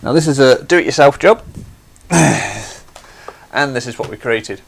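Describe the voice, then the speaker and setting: A man's voice: mid-range voice, lively intonation, slow pace, vocal fry, slight background noise. A man hosting a craft livestream, chatty and explaining things step by step. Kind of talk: casual demonstration.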